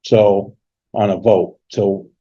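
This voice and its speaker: A man's voice: lowish voice, level tone, slow, warm tone. A man with a New England accent, a resident at a town meeting, speaking in a skeptical, cautionary way. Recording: dull community TV audio.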